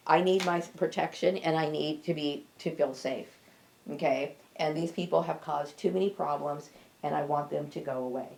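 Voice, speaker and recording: Defiant middle-aged woman, low gravelly voice with fry, hammers each point home. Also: darkish tone. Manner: emphatic, repeats "okay?" for stress; blunt and defiant. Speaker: vlogger. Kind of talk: personal monologue to camera.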